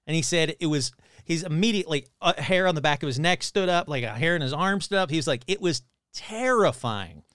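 A man with a slightly higher voice retells a story he heard, casual and animated. He jumps into the voices of the people in it and swears without a second thought. The recording is close and dry, with no room sound. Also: brisk, clean tone, no echo.

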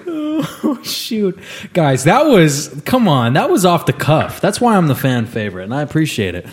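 A man's voice: fairly high pitch, a little fast, breathy edge. A young man co-hosting a comedic true crime podcast, joking and laughing as he tells the case. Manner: jokey, laughing, animated delivery with silly voices. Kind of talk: comedic casual podcast banter.

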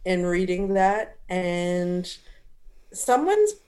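A woman with a somewhat low voice gives her thoughts in a casual book chat. She speaks earnestly and thoughtfully. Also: very animated, drawn-out words, darkish tone. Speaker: podcast co-host.

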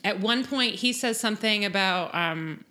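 A female podcast co-host with a medium-pitched, sharp-toned voice talks at a moderate pace. She chats casually and animatedly while recapping scenes.

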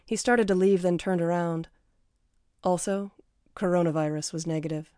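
A woman reading her own memoir in the first person, with a dry, understated, deadpan delivery. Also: on the low side, normal speed, clear, resonant tone, dry recording.

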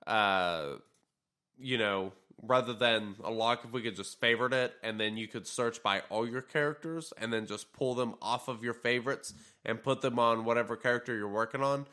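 Bright-voiced man chatting casually about a game. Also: medium pitch, moderate pace. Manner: relaxed, rambling, frequent fillers. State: tired, yawning. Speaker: podcast co-host. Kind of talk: casual gaming podcast chat.

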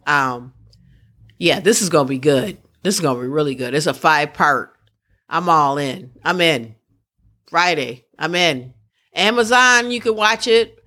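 A woman's voice: fairly low pitch, pushed and bright. A woman hosting a podcast, rambling through sports news in casual chat and often restarting her sentences. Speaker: podcast host.

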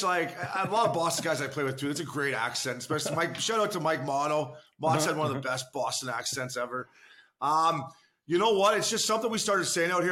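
Here the former pro hockey player sounds higher-pitched, bright and forceful. Chatting casually as a podcast guest, he restarts often, swears freely, and calls the hosts "boys" and "fella."

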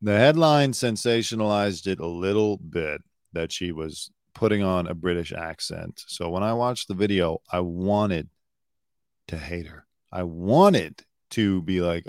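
A man's voice: low voice, unhurried, no room sound, studio quality. A man hosting a casual live-stream news commentary, talking bluntly and opinionated, swearing freely and rambling with asides. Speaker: host, former entertainment news producer.

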